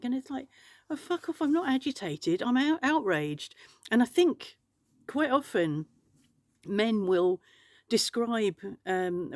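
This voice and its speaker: A woman's voice: medium pitch, a little mellow, no room sound. A woman vlogging from home, rambling and outspoken, swearing freely. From England. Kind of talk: casual chat to camera. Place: home in France.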